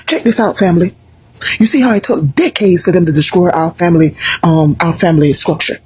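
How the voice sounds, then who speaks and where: Brief: American woman, husky and breathy, dry close mic, emphatic vlog commentary. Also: fairly low pitch, a little fast, no echo. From United States. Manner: animated, emphatic, mocking asides. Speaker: video commentator. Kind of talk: casual opinion commentary.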